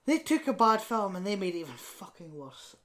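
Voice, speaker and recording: A woman's voice: medium pitch, sing-song, a little fast. Blunt, laughing woman podcast co-host. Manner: blunt, scathing, laughing often; swears casually. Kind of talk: casual film review chat.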